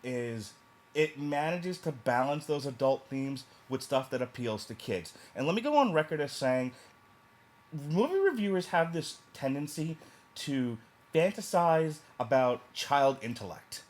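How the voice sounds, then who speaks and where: A man's voice: on the high side, lively intonation, measured pace. Blunt joking man reviewing a movie. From New York. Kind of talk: casual review chat.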